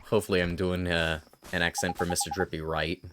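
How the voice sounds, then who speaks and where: A man giving casual, low-key commentary while playing through a game, with musing asides. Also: flat delivery, brisk, background noise. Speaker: gaming video host. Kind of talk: casual let's-play commentary. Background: game music.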